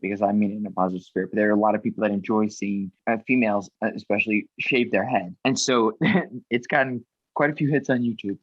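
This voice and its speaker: A woman's voice: extremely low pitch, dry recording. A middle-aged woman, an actress and producer, being interviewed on a podcast. She rambles animatedly through her stories and acts out other people's voices. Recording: dull, dry remote recording.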